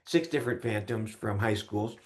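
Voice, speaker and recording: A man teaching an online class in a chatty way, often pausing with fillers. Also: lowish voice. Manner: chatty, with many fillers and hesitations.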